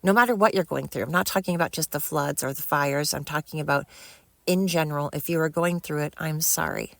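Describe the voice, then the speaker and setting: Low, creaky and fairly quick, this middle-aged woman's voice carries her solo podcast, heard without any echo. She vents at length with plenty of profanity, sincere and rambling, before expressing gratitude to her audience.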